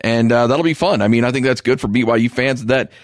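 A man's voice: medium pitch, quick pace, dry recording, studio quality. A man co-hosting a sports podcast in an amused, conversational way, leading into the next topic. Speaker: co-host.

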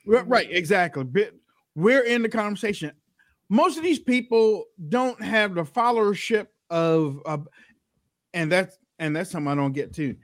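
A podcast host telling stories in casual chat, animated and quick to act out what others said, often repeating his words. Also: high-pitched. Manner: animated storyteller, repeats words, acts out quotes.

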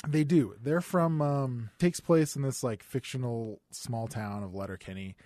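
A man co-hosting a podcast in a relaxed, enthusiastic casual chat. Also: medium pitch, unhurried, no room sound. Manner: relaxed, enthusiastic, laughs easily. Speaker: podcast co-host.

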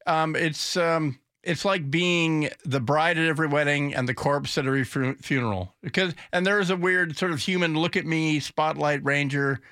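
A man's voice: on the high side, moderate pace, hardly any pauses, sharp tone, no room sound. A man hosting a talk radio show in a studio, rambling off the cuff with sardonic asides. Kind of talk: casual talk radio monologue.

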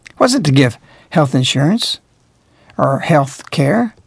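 A man's voice: fairly high pitch, very animated, slow, vocal fry, slightly rough, no room sound. A man hosting a radio talk show, delivering emphatic, moralizing commentary full of rhetorical questions.

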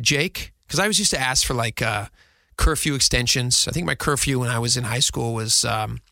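Chatty radio host, bright dry voice. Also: male voice, mid-range voice, dry recording. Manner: chatty, rambling, self-deprecating. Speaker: radio talk show host. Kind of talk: casual radio chat.

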